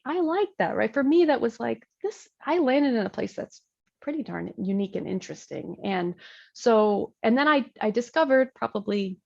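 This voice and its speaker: A woman pastor in her thirties from Michigan, chatting in an interview with a gravelly edge to her voice. She rambles and laughs as she talks, with plenty of fillers and restarts. The recording sounds a bit dull and lo-fi. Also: medium pitch, a little mellow. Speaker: Lutheran pastor. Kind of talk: casual interview conversation.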